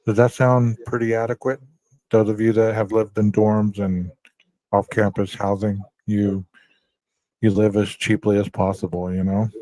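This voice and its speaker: A man hosting a casual true-crime podcast who reads viewer chat and talks in a measured way, often saying "you know". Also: on the low side, level tone, mellow, dry recording, low-quality recording.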